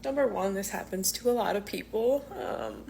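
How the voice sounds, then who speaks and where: A woman telling how she was fired, halting and searching for her words. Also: medium pitch, animated, gravelly, a little mellow, slight background noise. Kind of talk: personal account to camera.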